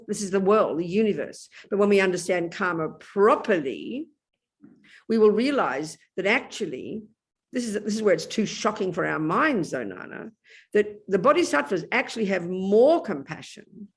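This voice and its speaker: A woman's voice: on the low side, husky. Woman, Buddhist nun, emphatic and intimate Dharma teacher on a video call. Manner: emphatic, intimate, calls listeners darling.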